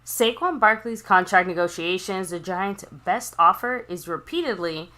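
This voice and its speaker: A woman's voice: fairly low pitch, moderate pace, pushed and bright. A woman co-hosting a live fan stream, reading viewer messages aloud and thanking supporters in a casual tone. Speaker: co-host reading chat messages.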